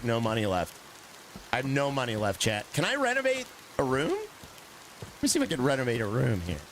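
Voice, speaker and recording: Male game streamer, jokey, chats with viewers, lively delivery. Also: a little high, a little hiss or hum. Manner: joking, chats with viewers, groans at long dialogue. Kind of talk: casual live gaming commentary.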